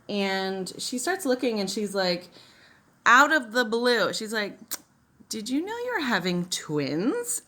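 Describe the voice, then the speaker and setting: A woman's voice: mid-range voice, fairly bright tone. A woman chatting casually through a makeup tutorial while telling a personal story, rambling with lots of "like" and "you know". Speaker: beauty vlogger and mother.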